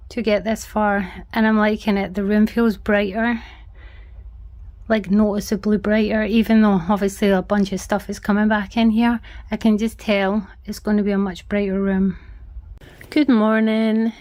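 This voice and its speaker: A woman's voice: mid-range voice, darkish tone, no echo. A Scottish woman talks through her home redecorating in a chatty, frank, self-deprecating way. Her voice sits in an ordinary middle range and sounds close and dry, with almost no room around it. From Scotland. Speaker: vlogger. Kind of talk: casual vlog chat while working. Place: small house, indoors, redecorating.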